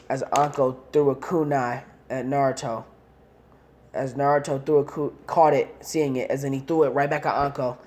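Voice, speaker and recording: Low-voiced woman rambling through a story. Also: a little mellow. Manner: rambling run-on narration, fillers and restarts. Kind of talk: casual fan story narration.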